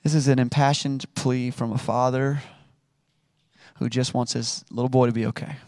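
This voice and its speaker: A man's voice: medium pitch, dry recording, clean studio sound. A married man giving a casual, conversational sermon, acting out quotes with playful asides. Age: adult, married. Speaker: preacher.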